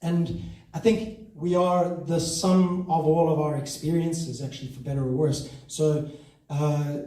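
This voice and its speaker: A man's voice: on the high side, level tone, a little slow, dark tone. A man doing a stand-up set on a theatre stage, chatty and self-mocking, often laughing between lines. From South Africa. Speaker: stand-up comedian. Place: theatre stage before a live audience. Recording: echoey hall from far off.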